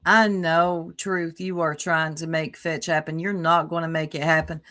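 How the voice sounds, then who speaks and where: A woman's voice: deep voice, level tone, moderate pace, a bit bright. A woman co-hosting a livestream, commenting in a blunt, sassy way and swearing freely. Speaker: stream co-host.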